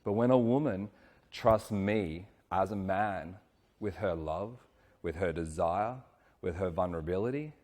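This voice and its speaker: Earnest, low-voiced man coaching on love. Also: a little mellow, in a large hall. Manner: earnest and reflective, slows on key words. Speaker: relationship workshop leader. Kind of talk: relationship coaching talk.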